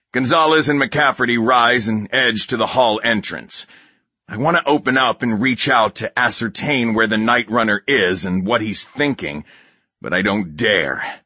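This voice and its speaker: A man reading a war novel aloud as an audiobook narrator, in steady, measured scripted narration. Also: fairly low pitch, slightly rough, no echo, highs cut off.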